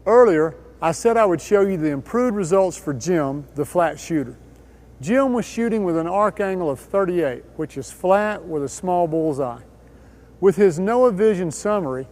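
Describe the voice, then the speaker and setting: A man with a notably high speaking voice narrates an instructional training video. His delivery is scripted and measured, walking through each point step by step. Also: lively intonation, darkish tone.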